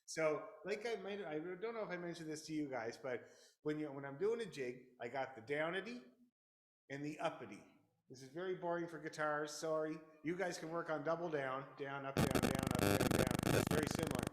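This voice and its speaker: A man leading a fiddle orchestra rehearsal, counting the players in loudly, singing rhythms aloud and joking as he teaches. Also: a little high, a little fast. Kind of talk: rehearsal instruction. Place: rehearsal room with fiddles playing. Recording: echoey room, loud fiddles behind.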